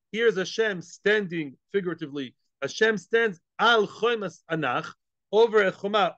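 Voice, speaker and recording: High-voiced man teaching Talmud, dull and dry. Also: fairly bright tone, dry recording. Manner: explains Aramaic phrase by phrase in English, mixing in Hebrew and Yiddish terms; conversational, asks and answers his own questions. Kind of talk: daily Talmud class.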